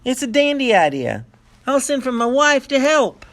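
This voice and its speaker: A man voicing a cheerful, friendly male prospector in a storybook reading, with a high, folksy voice. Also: very animated, normal speed, a bit bright, full character voice.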